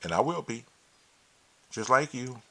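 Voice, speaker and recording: Forceful, profane man preaching to camera. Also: medium pitch, lively intonation, unhurried. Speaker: vlogger. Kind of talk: casual monologue to camera.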